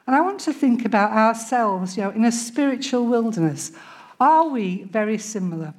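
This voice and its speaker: A woman's voice: on the high side, expressive, moderate pace. A middle-aged woman preaching a sermon in church, talking to the congregation in a conversational way and now and then mimicking grumbling voices.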